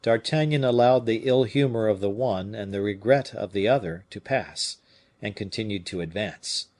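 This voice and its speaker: A classic novel is read aloud as an audiobook by a man with a fairly low voice. His storytelling is measured and even.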